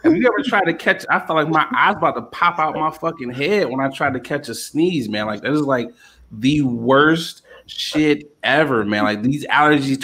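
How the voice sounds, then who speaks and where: A man co-hosting a casual podcast from home, bantering loudly with lots of slang and laughter over a remote call. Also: medium pitch, a little hiss or hum. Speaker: podcast co-host. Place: home in Chicago.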